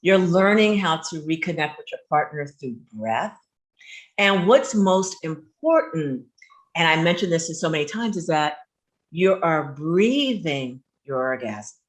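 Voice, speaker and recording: A woman hosting a radio talk show, telling a personal story in an animated, candid way. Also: deep voice, measured pace.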